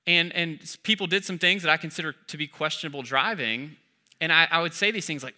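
A pastor preaching in a very bright, sharp voice that sits a little high for a man. He delivers his sermon with emphasis, asking the listeners question after question. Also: lively intonation, brisk.

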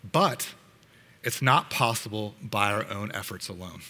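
A man's voice: fairly low pitch, measured pace, sharp tone, long reverb tail. A man preaching a sermon to his congregation in an earnest, conversational way, sometimes restarting his sentences. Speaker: pastor.

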